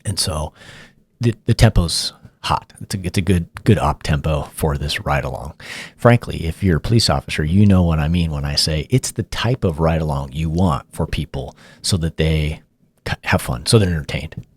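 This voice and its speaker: A middle-aged man, a former police officer, casually telling a story in a relaxed, rambling way. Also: a bass voice, moderate pace, slightly rough, no room sound, studio quality. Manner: relaxed, rambling retelling with fillers and restarts.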